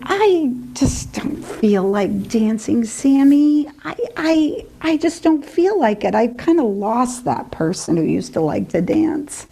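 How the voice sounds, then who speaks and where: A woman's voice: a little high, very animated, slow pace, creaky, hardly any pauses, warm tone, husky, low-quality recording. A woman playing herself in a comic puppet dialogue, sounding weary, reluctant and self-deprecating. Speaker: puppeteer and spiritual teacher.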